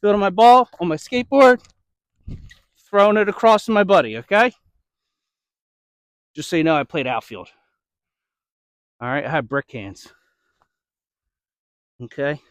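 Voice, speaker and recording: A man's voice: high voice, a little slow, pauses often, no echo, clean studio sound. A man coaching baseball throwing drills, checking in often with "okay?" and a little out of breath. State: slightly out of breath. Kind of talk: instructional demo.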